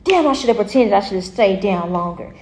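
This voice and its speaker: A woman's voice: mid-range voice, animated, fairly quick, a little mellow, echoey room, natural voice. A woman voicing a bitter, envious hater who whines over having doubted someone, exclaiming and breaking into laughter. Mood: regretful.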